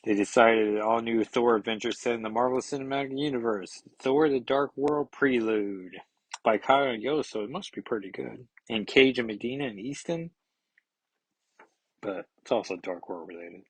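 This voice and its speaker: A man's voice: mid-range voice, normal speed, husky, poor audio. A man reviewing a comic book in a casual, rambling way, reading panels aloud with chatty asides.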